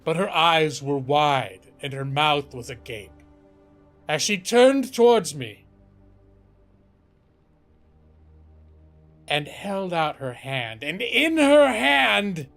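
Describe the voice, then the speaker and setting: A man's voice: sits high, lively intonation, soft background music, voice pushed up. A man doing a breathless, overexcited rambling chatter. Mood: breathless, excited. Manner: frantic, shouty, rambling with dramatic pauses. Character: breathless overexcited male chat viewer, rambling storyteller.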